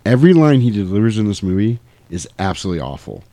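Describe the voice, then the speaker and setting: A man with a somewhat low voice chats casually on a podcast, breaking down a movie scene by scene. He swears freely, laughs often and retells scenes with animated energy. The sound is dry and close. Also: quick pace, no echo. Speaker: podcast co-host. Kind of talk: casual movie discussion chat.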